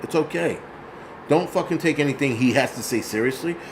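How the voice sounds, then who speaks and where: A man's voice: mid-range voice, quick pace, background noise. A man of Puerto Rican origin hosting his own show, ranting in a heated, profane, mocking way. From Puerto Rico. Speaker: host. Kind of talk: angry ranting commentary.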